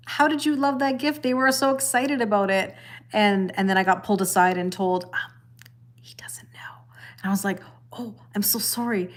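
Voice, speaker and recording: A middle-aged woman hosting a casual livestream, chatting to viewers and reading their comments aloud, laughing often and repeating her phrases. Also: lowish voice. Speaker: tarot reader livestream host.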